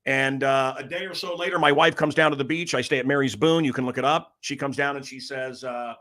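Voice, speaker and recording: Middle-aged male podcast host, bright tone, rambling and animated, acts out quotes. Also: medium pitch, a little fast. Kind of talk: casual storytelling chat. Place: room in a house.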